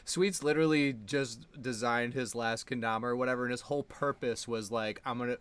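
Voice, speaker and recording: A man's voice: mid-range voice, steady tone, a little fast, crowd noise. A man hosting a casual interview, enthusiastic and stumbling over his restarts. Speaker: interview host.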